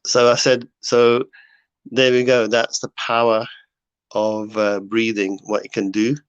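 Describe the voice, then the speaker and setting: A man's voice: medium pitch, monotone, measured pace, clear, resonant tone, no echo. A man hosting a casual live talk to his viewers, rambling with many fillers and restarts. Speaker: host. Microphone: home setup. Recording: dull lo-fi sound.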